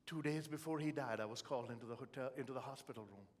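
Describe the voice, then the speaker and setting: A man's voice: medium pitch, fast. A middle-aged man giving a live motivational talk, telling stories with humor and feeling. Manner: expressive, storytelling, humorous. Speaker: motivational keynote speaker.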